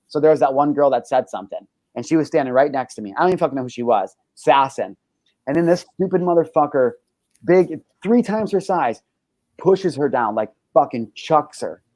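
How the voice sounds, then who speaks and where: Animated, swearing male podcast host. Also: on the high side, no room sound. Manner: animated storytelling, heavy swearing. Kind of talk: casual chat.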